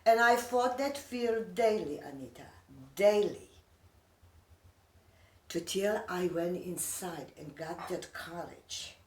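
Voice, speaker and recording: A woman's voice: lowish voice, lively intonation, slow pace, a little hiss or hum. Earnest older immigrant woman, echoey. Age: 60s. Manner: earnest, broken English, heartfelt. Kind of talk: emotional personal talk. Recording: echoey room, mic far off.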